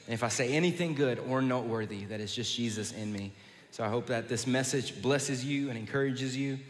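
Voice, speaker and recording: A man's voice: medium pitch, a little fast. A man with a Southern American accent preaching a sermon as pastor, often repeating words as he restarts his sentences. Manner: repeats words and restarts, warm church greetings. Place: large church sanctuary. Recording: long hall reverb.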